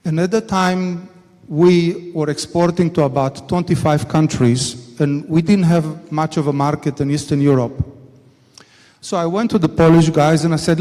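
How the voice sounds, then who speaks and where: Older male exec, anecdotal speaker, mellow tone, higher-pitched voice, long hall reverb. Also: expressive, moderate pace. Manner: anecdotal, acts out quoted dialogue. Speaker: company executive giving a summit talk. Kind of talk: storytelling speech. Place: conference hall.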